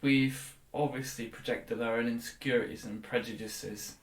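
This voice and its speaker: A man's voice: medium pitch, steady tone, moderate pace. A man co-hosting a podcast, giving blunt opinions in casual chat and swearing freely. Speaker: podcast co-host. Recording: roomy, distant from the mic, faint noise.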